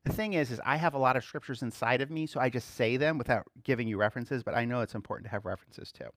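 A man preaching an informal sermon to a class, conversational and quick to laugh, swinging from emphatic outbursts to quiet asides. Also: mid-range voice, dry recording, studio quality.

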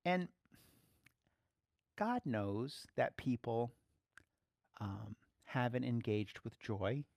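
A man's voice: mid-range voice, animated, extremely slow, creaky, pauses often, darkish tone, no room sound, studio quality. A man giving a casual, playful sermon, laughing often as he speaks. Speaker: preacher.

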